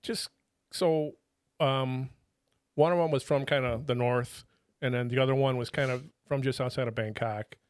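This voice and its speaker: A man's voice: medium pitch, fairly even intonation, normal speed, smooth, dry recording, clean studio sound. A man in his fifties, a podcast guest, telling stories in a colloquial, profane way with frequent restarts and laughs. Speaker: podcast guest, retired federal drug agent. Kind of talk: casual storytelling chat.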